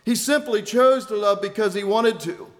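A man preaching a sermon in an earnest, deliberate way, repeating key phrases for weight. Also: sits high.

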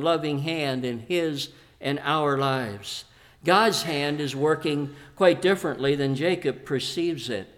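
High-voiced man preaching a sermon. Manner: earnest, addresses the congregation directly; storytelling retelling of a scripture passage.

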